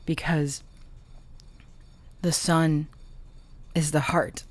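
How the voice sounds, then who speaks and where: A woman with a low voice gives a tarot reading at an unhurried pace. She speaks softly and emotionally, pausing and hesitating as she goes. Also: little pitch movement. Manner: slow, soft, emotional and halting. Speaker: tarot reader and channeler.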